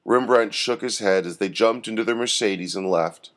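A man hosting and narrating a Christian parable story with expressive delivery. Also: fairly low pitch, normal speed. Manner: expressive narration with lively intonation. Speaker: storyteller host.

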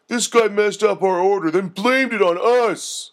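A man voicing a rude young thug who yells insults, in a higher, louder voice. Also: measured pace. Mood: angry yelling. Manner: yelling, insulting. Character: rude young male thug, loud and mocking.

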